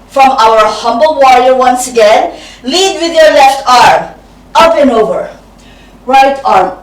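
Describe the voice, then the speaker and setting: A woman who teaches yoga, guiding a class slowly with calm step-by-step cues and breathy sighs between breaths. Her voice sits a little high. She is recorded from some distance in an echoey room. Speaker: yoga instructor. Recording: roomy, from a distance.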